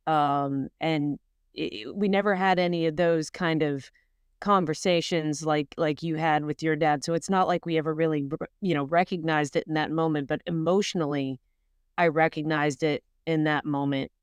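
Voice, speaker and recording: A woman hosting a podcast, speaking reflectively and gently to a guest over a video call. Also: low voice, steady tone, moderate pace, clean tone, no echo. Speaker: podcast host. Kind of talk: conversational interview.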